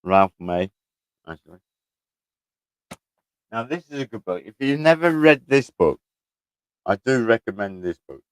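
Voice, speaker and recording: A middle-aged man rambles through a casual home vlog, laughing now and then and swearing without a second thought. His voice sits low with a smooth, clear tone, recorded close and dry with no room echo. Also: animated, a little slow, pauses often. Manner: rambling, chuckling, swears freely. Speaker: vlogger. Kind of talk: casual chat to camera.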